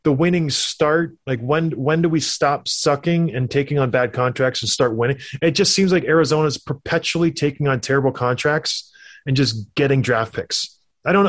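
A man's voice: on the high side, slightly rough. Ex hockey guy on a podcast, lots of voices in his stories, chatty. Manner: animated storyteller, acts out quotes. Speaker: podcast co-host, former hockey player. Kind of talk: casual sports chat.

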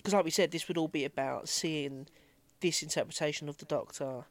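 A man's voice: on the high side, steady tone, a little fast. A man co-hosting a podcast in casual chat, thinking aloud and rambling. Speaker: podcast co-host.

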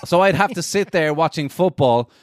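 A man's voice: on the high side, expressive, moderate pace, no echo, clean studio sound. A young man chatting on a podcast, telling a rambling story with laughs and swearing. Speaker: podcast guest. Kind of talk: casual chat.

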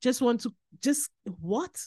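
A woman from Saint Lucia with a Saint Lucian accent, a podcast guest telling stories in animated, casual chat and slipping into Caribbean phrasing. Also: on the high side, slow pace, slightly rough, no echo, clean studio sound.

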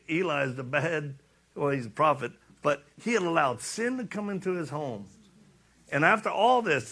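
A man's voice: fairly high pitch, a bit bright, breathy edge. A man preaching a casual sermon, folksy and joking, acting out the dialogue of the story.

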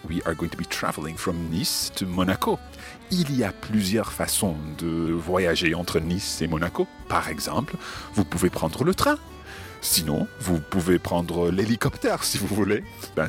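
Deep-voiced male language teacher. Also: normal speed, soft background music. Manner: relaxed, explanatory teacher tone. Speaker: language podcast host. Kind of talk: bilingual lesson narration.

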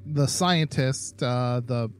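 A man's voice: mid-range voice, takes it slowly, slight background noise. A man co-hosting a podcast, speaking in a hesitant casual way with frequent ums and uhs. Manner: hesitant, many "um" and "uh". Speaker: podcast co-host.

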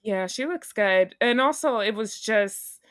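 A woman's voice: medium pitch, animated, measured pace, fairly bright tone. A woman co-hosting a podcast in casual chat, agreeable and chiming in with short reactions and personal asides. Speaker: podcast co-host.

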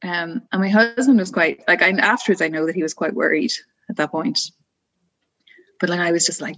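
Here the same thirty-something guest recounts her birth story at a fairly quick clip, on a low-quality recording. Her slightly low voice stays loose and chatty, full of "like," "you know," and easy laughter in this casual interview.

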